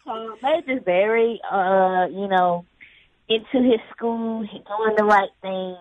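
Calling in over a tinny phone line with no echo, a woman guest talks at a slow pace in a mid-range voice. The interview is casual, and she meanders easily through it, laughing frequently.

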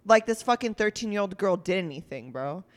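A woman's voice: mid-range voice, expressive, fairly quick, in a large hall. A young woman talking in casual chat, heated and blunt, swearing a lot.

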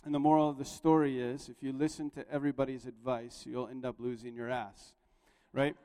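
A man's voice: medium pitch, level tone, a little fast, dark tone. Man preaching a sermon in a reverberant hall. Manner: conversational storytelling with rising emphasis. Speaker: pastor. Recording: long reverb of a large hall.

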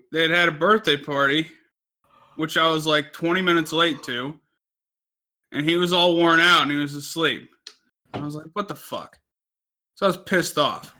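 Guy rambling on a podcast, swears a ton, bright sharp voice, kinda high. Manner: profane, rambling storyteller. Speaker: podcast co-host. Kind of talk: casual chat.

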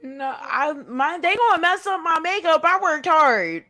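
A woman's voice: extremely high pitch, big pitch swings, unhurried, pushed and bright, no room sound. A woman co-hosting a podcast, laughing and emotional as she chats casually. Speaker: departing podcast co-host. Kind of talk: casual chat.

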